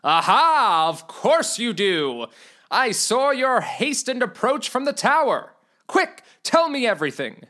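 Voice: medium pitch, sing-song, takes it slowly, pushed and bright, voice pushed up, exaggerated voice. A storyteller voicing a boastful, oblivious young male knight in a comedy storybook, declaiming each line grandly and stretching out the words. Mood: grandiose. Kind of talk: storybook reading.

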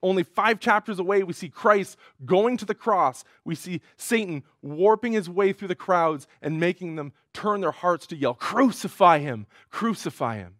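A male pastor preaching a sermon in an earnest way, rising in pitch and force when he quotes cries. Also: moderate pace, few pauses, fairly bright tone, dry recording, clean studio sound.

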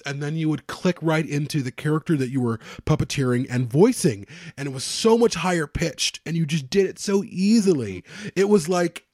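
A man hosting a podcast, asking eager, halting questions in casual chat. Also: a little high, darkish tone, no echo, clean studio sound. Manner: enthusiastic, halting, restarts his questions. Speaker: podcast host.

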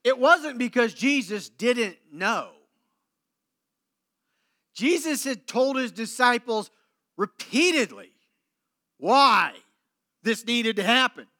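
A man preaching a sermon, moving between loud emphatic declarations and hushed, low passages with dramatic pauses. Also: lively intonation. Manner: slow deliberate delivery with dramatic pauses. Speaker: pastor.

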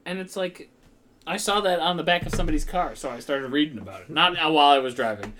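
A man co-hosting a podcast, telling a rambling, halting story in casual chat. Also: fairly high pitch, a bit bright, a little hiss or hum. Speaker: podcast co-host.

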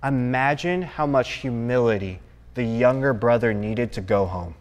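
A man's voice: medium pitch, normal speed. A young man teaching a sermon to college students in a conversational way, often checking in with his listeners. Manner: conversational, asks the room for agreement. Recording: long reverb in a hall.

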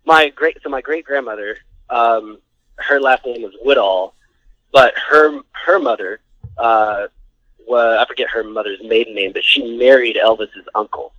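A man's voice: mid-range voice, unhurried, a bit bright, no echo, highs cut off. A man, a band frontman and producer, chatting casually as a podcast guest, rambling with many fillers. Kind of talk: casual storytelling interview.

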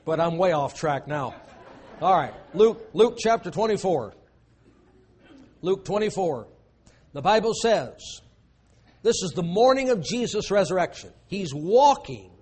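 A man preaching a sermon as pastor, emphatic, with dramatic pauses and drops to a hushed voice. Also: high voice.

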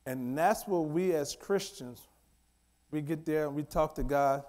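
A man preaching a sermon, emphatic and repetitive, swinging between loud declarations and quiet asides. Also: medium pitch, moderate pace.

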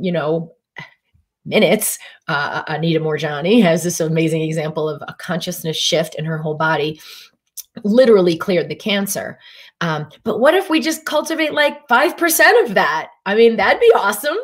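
A woman physician hosts a live stream from Durango, Colorado, in a medium-pitched, expressive voice at a moderate pace. Her talk is easygoing and meandering, with frequent fillers and restarts.

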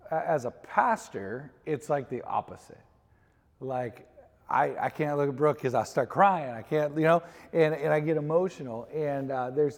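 A man's voice: on the high side, vocal fry, a little mellow. A man, a pastor, telling candid personal stories to a congregation in a casual, laughing way and putting questions to his co-pastor. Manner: candid storytelling with laughs, asks co-host questions. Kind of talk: conversational sermon talk. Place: large church sanctuary. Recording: church hall reverb.

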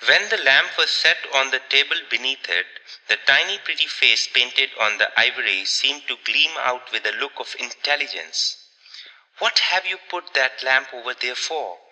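A man narrating an old story aloud in a measured, expressive way. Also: on the high side, big-room sound, rough recording. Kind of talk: audiobook narration.

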